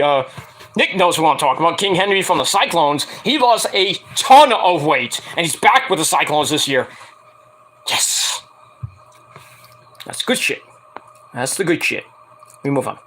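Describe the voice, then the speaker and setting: A man's voice: high-pitched, fairly bright tone. A man rambling casually to camera as a wrestling vlogger, swearing freely and full of fillers. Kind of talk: casual profane chat to camera.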